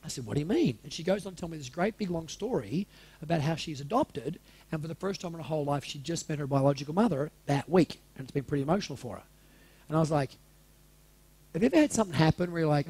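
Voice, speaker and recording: A man in his forties tells a personal story to a live audience, candid and casual, swearing freely and checking in with the room. His voice sits a little high and sounds somewhat husky. The sound is dry. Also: lively intonation, fast talker, a little mellow, no room sound. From Australia. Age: 40s.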